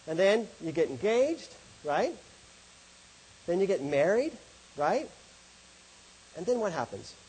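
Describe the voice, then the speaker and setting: Speaking slowly and pausing often, a middle-aged man presents to an audience on love and faith, asking rhetorical questions and answering them. His high voice swings widely in pitch and sounds a little mellow and slightly rough, captured in a low-quality recording.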